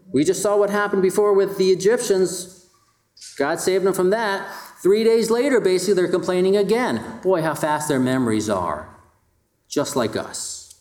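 A man's voice: high-pitched, darkish tone. Man preaching, rhetorical questions, echoey room. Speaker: pastor. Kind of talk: sermon.

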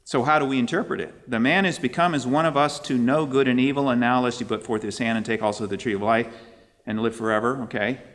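A man delivers a sermon in an emphatic, driving manner. His pitch climbs sharply whenever he quotes scripture or poses a question. His voice sits in the middle range and rings out with a long hall reverb. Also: fairly even intonation, fast talker, a bit bright. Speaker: preacher.

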